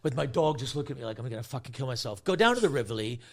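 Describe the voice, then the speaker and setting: A man in his forties, a guest comedian, telling a story in an animated way, swearing freely and acting out other people's voices. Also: medium pitch, rapid-fire, vocal fry. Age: 40s. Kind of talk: casual storytelling.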